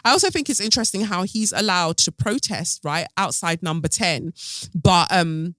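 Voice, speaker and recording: A man hosting a casual commentary podcast, gossipy and animated, with plenty of ums and sassy asides. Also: high voice, normal speed, no room sound. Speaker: podcast host.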